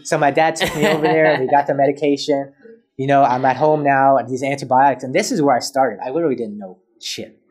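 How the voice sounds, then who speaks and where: A man's voice: medium pitch, fairly even intonation, quick pace, a little mellow. A man as a podcast guest, telling a personal story in casual chat and acting out both sides of past conversations.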